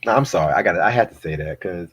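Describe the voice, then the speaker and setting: A man co-hosting a casual talk show, animated and incredulous, laughing often between remarks. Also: deep voice, rapid-fire, slightly rough, no echo. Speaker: podcast co-host. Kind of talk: casual chat.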